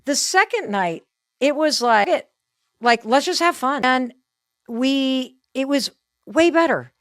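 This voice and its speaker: A woman in her fifties, telling stories in a casual chat in an animated, self-deprecating way and acting out what people said. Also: high-pitched, slow pace, no echo, clean studio sound. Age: 50s. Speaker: guest.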